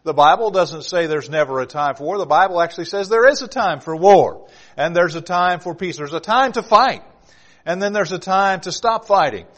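A man's voice: high-pitched, moderate pace, fairly bright tone. A man preaching an evening sermon, reading scripture aloud and driving his points home with emphasis. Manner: emphatic, reads scripture aloud with rising force.

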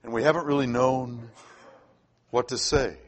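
A man's voice: medium pitch, steady tone, unhurried. An older man preaching a sermon, telling a personal story in a conversational way and often restarting his sentences. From Florida. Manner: conversational, repeats words when starting sentences.

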